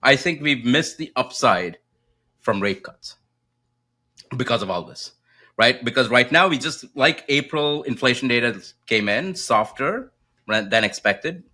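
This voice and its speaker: Bright-voiced man explaining market data. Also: medium pitch, lively intonation, unhurried. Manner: explanatory, data-heavy, asks rhetorical "right?". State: coughing, slightly choked up. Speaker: co-host, macro strategist. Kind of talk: casual market podcast chat.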